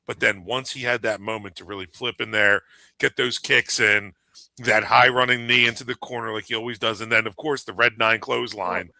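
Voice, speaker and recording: Gravelly, bright-edged man, dry sound. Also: mid-range voice, fairly even intonation, a little fast, dry recording. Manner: emphatic, says "dude" and "you know what I mean". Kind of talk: casual podcast chat.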